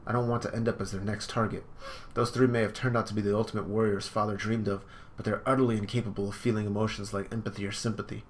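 A man's voice: fairly low pitch, level tone, quick pace, a little hiss or hum, natural voice. Aloof older sister, read by a man. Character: cool aloof older sister, matter-of-fact.

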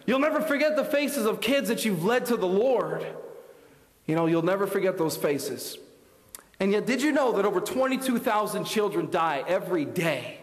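A Canadian man preaching a sermon, telling a story that swings between loud bursts and hushed near-whispers. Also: high voice, lively intonation, normal speed. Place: church sanctuary. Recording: echoey church hall.

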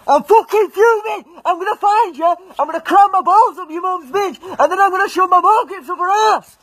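A man's voice: very high voice, normal speed, fairly bright tone. A man voicing a crude, cocky young lad from the north of England, bragging and making threats in a comedy sketch. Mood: fuming.

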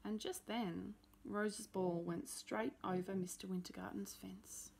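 Gravelly woman reading a picture book. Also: medium pitch, steady tone, measured pace. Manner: gentle storytime delivery, pointing out pictures. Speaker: storybook reader.

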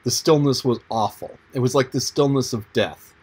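A man's voice: medium pitch, moderate pace, a little mellow, slightly rough. Man narrating an audiobook chapter.

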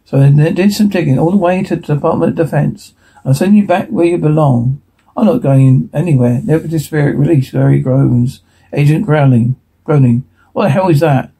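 A man reading a television episode transcript aloud, dialogue and sound cues alike, in one steady voice. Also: on the high side, moderate pace, creaky, breathy edge, low-quality recording.

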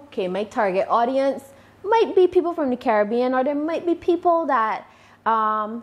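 Barbadian woman, deliberate speech. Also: fairly high pitch. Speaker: YouTuber guest. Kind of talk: casual interview answers.

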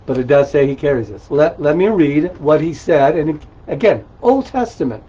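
A man's voice: on the high side, moderate pace, dark tone, breathy edge. A man preaching a sermon in a conversational way, with asides and rhetorical questions. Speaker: pastor. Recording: dull lo-fi recording.

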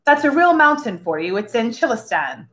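A woman voicing a rich, bored, easygoing gentleman with breezy upper-class politeness in a storybook reading. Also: fairly high pitch, very animated, moderate pace. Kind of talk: read-aloud storytelling.

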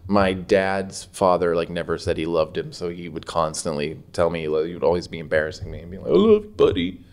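A man's voice: low voice, little pitch movement, brisk, clear, resonant tone. A man from San Diego co-hosting a podcast in a studio, telling self-deprecating stories with a laugh. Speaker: podcast co-host. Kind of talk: casual podcast storytelling. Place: recording studio.

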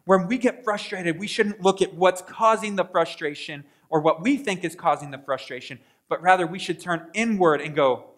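A man preaching a sermon in a church, talking to the congregation in a conversational way, getting loud in some spots and dropping soft in others. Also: sits high, normal speed, few pauses. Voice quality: tall speaker, says he is six five. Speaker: pastor. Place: church sanctuary.

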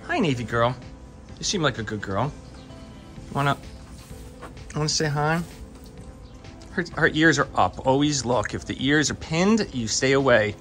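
This racetrack barn vlog has a man walking and talking along the shed row outdoors, shot on a handheld camera with soft music underneath. His mid-range voice is unhurried and often pauses, though he's excited and chatty and sometimes trips over his words.

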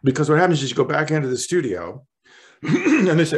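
A male voice actor chatting as an interview guest, relaxed and rambling, often clearing his throat. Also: fairly high pitch, brisk. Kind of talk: casual interview chat.

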